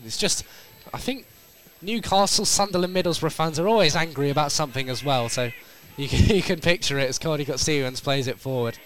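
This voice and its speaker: A man with a North East English accent does fast play-by-play of an outdoor football match, lifting his pitch and volume at key moments. His tone is fairly bright.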